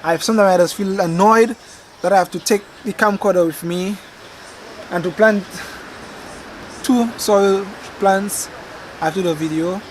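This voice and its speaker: Animated Dominican man chatting outdoors. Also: high voice, a little slow, pauses often, a little hiss or hum, low-quality recording. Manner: rambling, animated storytelling with dramatic outbursts. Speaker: gardening channel host. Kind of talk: casual chat to camera.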